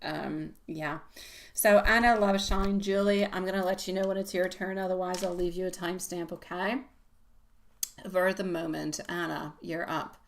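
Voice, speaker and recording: A woman giving a live tarot reading, chatting warmly with viewers, calling them sweetie and laughing often. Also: fairly low pitch, fairly even intonation, normal speed, creaky, slight background noise. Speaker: tarot reader.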